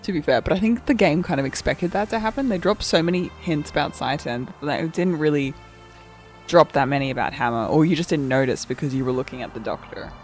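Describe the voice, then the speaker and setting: A woman's voice: low-pitched, brisk, faint music behind. A woman streamer commenting casually on a video game, chatty and playful.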